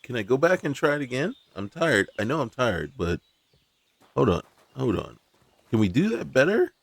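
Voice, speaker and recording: A man's voice: mid-range voice, big pitch swings, moderate pace, vocal fry, breathy edge, no room sound. A man hosting a gaming channel gives casual commentary on his gameplay, talking to himself and crying out in frustration when things go wrong. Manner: talks to himself, exclaims in frustration.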